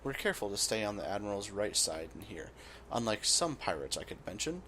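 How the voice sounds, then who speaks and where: A man voicing a gruff, blustering old male guild boss, reading game dialogue aloud. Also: fairly low pitch, very animated, fairly quick, bright, forceful tone, slight background noise. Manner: reads in a rough dockside voice, drops it partway.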